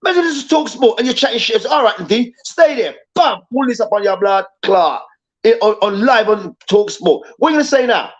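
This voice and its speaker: A man's voice: high voice, expressive, brisk. A man hosting a football debate show, ranting angrily and profanely and hammering his points with repetition. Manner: angry, profane, emphatic repetition. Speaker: host. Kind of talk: heated football debate rant. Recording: dull lo-fi sound.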